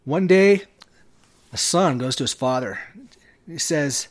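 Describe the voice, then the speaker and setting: A man hosting a devotional podcast, speaking in a measured way with long pauses. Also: on the high side, expressive. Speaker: podcast host. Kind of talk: devotional talk.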